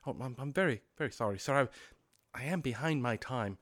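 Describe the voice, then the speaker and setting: A man's voice: mid-range voice, animated, fairly quick, fairly bright tone, no room sound, clean studio sound. A man reading aloud and voicing a timid clerk who stammers apologetically. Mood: nervous. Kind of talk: storybook reading.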